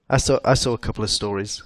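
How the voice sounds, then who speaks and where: A man's voice: lowish voice, dry recording. A man co-hosting a casual podcast chat, retelling odd news stories with a laugh. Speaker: podcast co-host.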